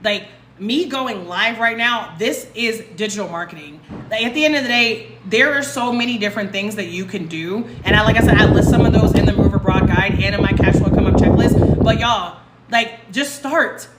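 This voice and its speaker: A young woman from North Carolina, hosting a casual livestream Q&A, loud and passionate and swearing freely. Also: medium pitch, brisk, hardly any pauses. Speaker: livestream host. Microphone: phone livestream. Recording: echoey room with loud background noise.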